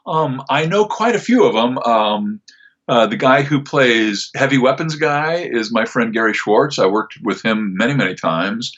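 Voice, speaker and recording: A man's voice: medium pitch, expressive, measured pace, fairly bright tone, lo-fi sound. An older man, a voice actor, chatting in an interview with a rambling, restart-heavy manner. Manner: rambling, many fillers and restarts. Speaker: voice actor, guest. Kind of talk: casual interview answers.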